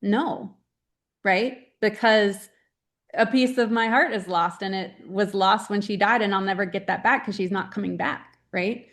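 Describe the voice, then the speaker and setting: A woman's voice: medium pitch, fairly even intonation, unhurried, fairly bright tone. A woman with a mid-range voice talks in a casual interview as a grief specialist. Her delivery is earnest and chatty, and she keeps checking in with little tag questions. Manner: earnest, chatty, many "right?" tags.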